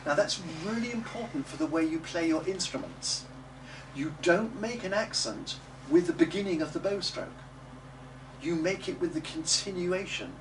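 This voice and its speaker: A middle-aged man teaching a class how to say Italian words. He models each word slowly for the group to repeat and adds chatty little jokes. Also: a little high. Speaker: early music teacher. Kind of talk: coaching a class in Italian diction. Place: classroom or rehearsal room. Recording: distant mic in a noisy room.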